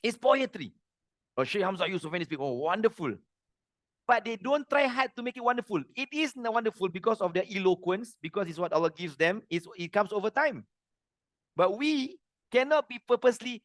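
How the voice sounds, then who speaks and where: Animated middle-aged male religious teacher. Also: high voice, normal speed, long pauses, dry recording, studio quality. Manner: animated, earnest, plain-spoken. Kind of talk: classroom religious lesson.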